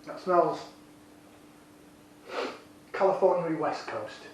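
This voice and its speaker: A man casually reviewing a beer, enthusiastic and rambling, deliberately keeping his voice down, recorded on a camera's built-in microphone. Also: on the high side, lively intonation. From United Kingdom. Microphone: built-in camera mic. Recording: very echoey room, distant mic, faint noise.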